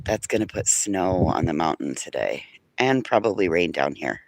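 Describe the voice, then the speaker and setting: A man's voice: sits low, lively intonation, normal speed, gravelly. A man vlogging a casual morning chat at a farm house, talking bluntly to his animals and swearing freely.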